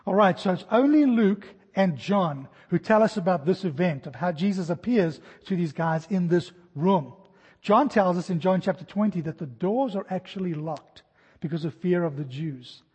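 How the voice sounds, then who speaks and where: A man in his forties preaching an expository sermon, animated, acting out the jumps and shouts of his stories. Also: high voice, moderate pace, husky, long reverb tail. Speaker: pastor.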